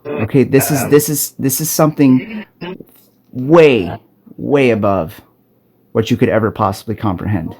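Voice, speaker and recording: A man records an impassioned spiritual warning monologue on his smartphone, his voice sitting in a middle pitch. He talks with urgency and profanity, often restarting his sentences and repeating words as he presses his point. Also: unhurried, long pauses, darkish tone, slightly rough. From Arizona. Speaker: self-made video preacher.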